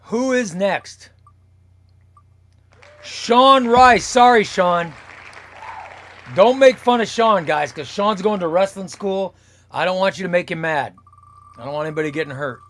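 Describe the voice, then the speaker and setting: High-voiced man hosting a comics stream. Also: unhurried, long pauses, fairly bright tone, a faint crowd, a little hiss or hum. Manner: playful, announcing names one by one. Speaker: comic channel host. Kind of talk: live-stream giveaway chat.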